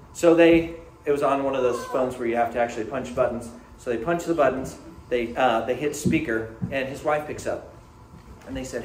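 A man's voice: medium pitch, a little fast. A man preaching a sermon as pastor, talking in a conversational, earnest storytelling way. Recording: echoey room, faint ambient noise.

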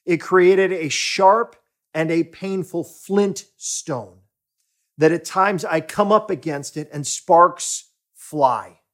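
Slow, measured male preacher. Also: high-pitched, fairly bright tone. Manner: slow, deliberate preaching that swells for emphasis and drops to near-whispers. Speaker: pastor. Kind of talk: sermon.

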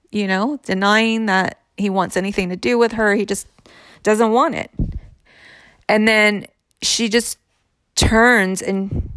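A woman casually telling a personal story in a reflective, unhurried way, often saying "like". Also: a little high, a bit bright, no room sound. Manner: unhurried, reflective, heavy use of "like". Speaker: storyteller sharing her own experience.

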